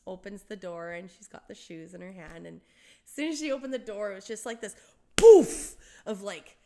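A middle-aged woman telling a story in casual chat, animated, acting out quoted voices, laughing often and swearing. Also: mid-range voice, moderate pace, creaky.

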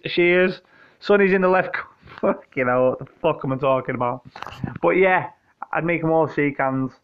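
A British podcast host answers listener questions in a casual, rambling monologue, his voice slightly high and his tone clean though the audio is dull. He swears, jokes, wanders off topic and restarts often.

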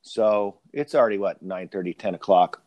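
A man's voice: fairly low pitch, normal speed, no room sound, lo-fi sound. A man hosting a casual conversation, telling long, rambling stories. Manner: rambling anecdotal storyteller.

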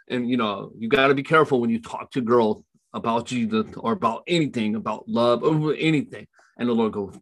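A man's voice: mid-range voice, a little fast. Man telling a faith story. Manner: storytelling, animated when quoting. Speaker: podcast guest sharing testimony. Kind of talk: casual spoken testimony.

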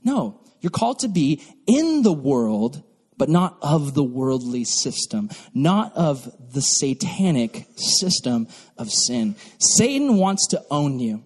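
A young man preaching a sermon to youth as a pastor, animated and acting out mocking voices. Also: a little high, slow pace, husky. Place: church hall. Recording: long reverb from a hall.

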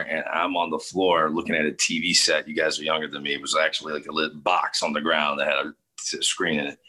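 A man in his forties from St. Louis, a sports TV host telling lively stories in a casual interview and acting out the people he quotes. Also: very deep voice. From St. Louis, USA. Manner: lively storyteller who acts out quoted people.

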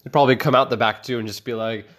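A man's voice: mid-range voice, steady tone, rapid-fire, a bit bright. A man doing rambling, profane stand-up comedy, telling self-mocking stories.

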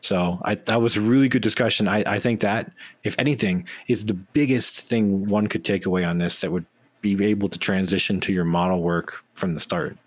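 A man's voice: fairly low pitch, brisk, dry recording. A man co-hosting a podcast, talking in a rambling, joking way with many fillers. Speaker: podcast co-host. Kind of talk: casual podcast chat.

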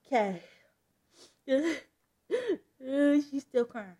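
A woman's voice: fairly high pitch, slow, a little mellow. Chatty woman reading comics aloud. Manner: chatty, laughs at the story. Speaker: comic book reader. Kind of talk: casual read-along commentary.

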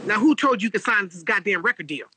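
A man's voice: high voice, expressive, fast talker, pushed and bright, a little hiss or hum, exaggerated voice. A man mimicking his stern mother as she scolds him with indignant questions while he tells a story. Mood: scolding.

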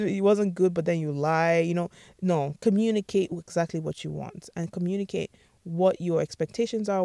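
A woman's voice: on the low side, vocal fry, mellow, no echo, clean studio sound. A woman hosting a podcast, giving casual advice in a chatty way and often checking in with "all right?". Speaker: podcast host.

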